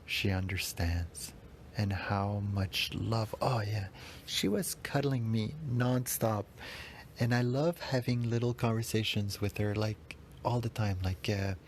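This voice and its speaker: A man's voice: on the low side, a little hiss or hum. A man hosting a podcast, reflecting aloud in a rambling, heartfelt way and often addressing himself. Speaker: podcast host. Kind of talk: emotional spoken reflection.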